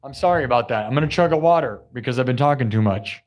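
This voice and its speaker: Live streaming with a throat sore from hours of yelling, a young man chats and gushes gratitude to his viewers. His medium-pitched voice runs fast, flipping between loud hype and quiet asides.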